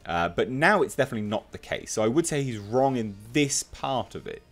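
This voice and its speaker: A man's voice: medium pitch, animated, fairly quick, a bit bright, faint music behind. A man giving opinionated commentary, reading out online comments and mocking them with emphatic scorn. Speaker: commentary youtuber.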